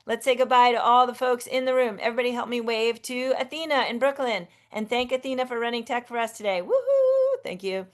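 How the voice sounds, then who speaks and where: A woman's voice: on the high side, steady tone, fast talker, hardly any pauses. A woman hosting a live online sing-along over a video call, effusive and chatty, often restarting her sentences. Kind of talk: casual live-stream hosting.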